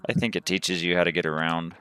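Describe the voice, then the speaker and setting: A game streamer from the southern United States talks in a deep, sharp-toned voice with little pitch movement and a quick pace. He gives chatty, rambling commentary on the livestream, thinking aloud as he plays.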